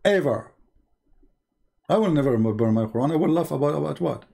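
A man's voice: on the high side, animated, normal speed, creaky, dark tone, slightly rough. A man hosting a live stream, mocking and laughing in broken English as he comments on a video. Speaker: livestream host.

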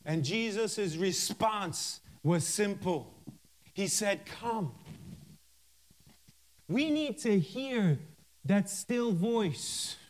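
High-voiced, slow-preaching male minister. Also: expressive. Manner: reads scripture verse by verse with emphatic pauses; fervent, interjects hallelujah and praise God. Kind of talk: sermon.

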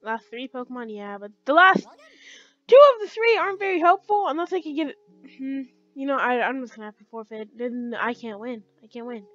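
Excitable high-voiced woman gaming. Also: brisk, muffled recording, faint music behind. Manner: chatty, excitable, talks to the game. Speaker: let's play gamer. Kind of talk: casual game commentary.

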